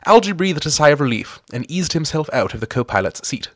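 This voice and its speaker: Man reading a comic story, lively pitch. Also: brisk, no echo, clean studio sound. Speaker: narrator.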